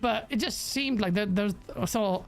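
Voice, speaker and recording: A man with a London accent chatting as a podcast co-host, telling stories in an animated, slangy way and laughing often. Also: sits high, moderate pace. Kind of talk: casual chat.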